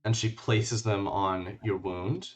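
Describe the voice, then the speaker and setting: Fairly low-voiced male game master. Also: fairly even intonation, takes it slowly, slight background noise. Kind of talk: narrating a tabletop game.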